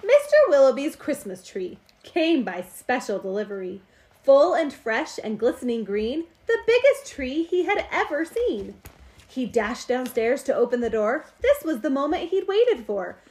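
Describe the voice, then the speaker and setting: A woman reading a rhyming children's Christmas picture book aloud in an expressive, sing-song way. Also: sits high, measured pace. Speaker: storyteller.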